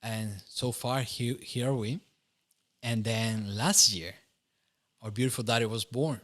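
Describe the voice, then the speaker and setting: This interview guest is a young man from Costa Rica whose Costa Rican Spanish accent colors his mid-range, fairly bright voice. He speaks a little slowly while recounting his personal testimony. Earnest and quick to laugh, he often stops to fix what he's saying mid-sentence.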